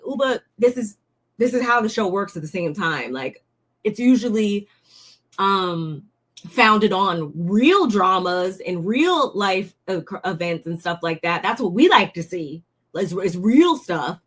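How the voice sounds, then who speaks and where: A woman's voice: medium pitch, animated, unhurried, a bit bright, husky. A young woman giving a casual, blunt recap of a reality show, talking in slang and often sounding fed up. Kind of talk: casual commentary.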